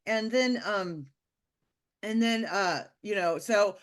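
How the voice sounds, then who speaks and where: A woman telling a personal story in a casual, animated way, with lots of fillers and restarts. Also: mid-range voice, slow pace. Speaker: speaker sharing a personal testimony.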